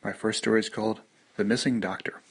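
Male story reader, deep gravelly husky tone, conversational. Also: fairly even intonation, quick pace. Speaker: podcast contributor. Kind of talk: reading his own story.

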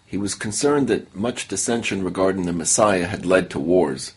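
A man reading a short story aloud in a measured, solemn way. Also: sits low, slightly rough. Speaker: story contributor.

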